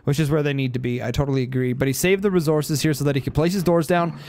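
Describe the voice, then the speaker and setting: A man giving play-by-play commentary on a strategy game match, excitable and bursting into loud exclamations at big plays, a little stuffy from post-nasal drip. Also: on the high side, quick pace, background noise. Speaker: game caster.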